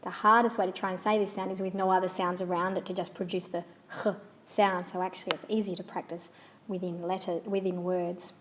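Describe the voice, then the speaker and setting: A woman whose first language is English teaches French pronunciation in a clear, steady way. She says each example word carefully and repeats it, walking listeners through each sound step by step. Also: fairly low pitch, fairly quick, a little hiss or hum. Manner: patient, clear demonstrations with repeated example words. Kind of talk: instructional lesson.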